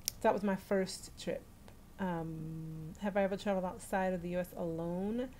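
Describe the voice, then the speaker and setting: A woman's voice: fairly low pitch, steady tone, normal speed, mellow. Woman, 40s, from New York; casual phone livestream host at home, chatty and laughing, faint background hiss. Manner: chatty, laughs often, greets viewers by name.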